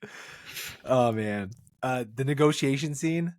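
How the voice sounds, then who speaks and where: A man's voice: mid-range voice, lively intonation, measured pace, a little mellow, no echo, clean studio sound. A man co-hosting a podcast, recapping a comedy film in casual chat and laughing often. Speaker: podcast co-host.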